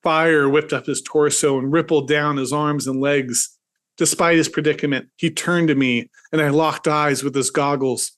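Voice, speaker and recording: A man's voice: fairly even intonation, normal speed, fairly bright tone. A man, host and author, reading his satirical short story aloud with dramatic swings. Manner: dramatic, swings into high pitch at comic peaks.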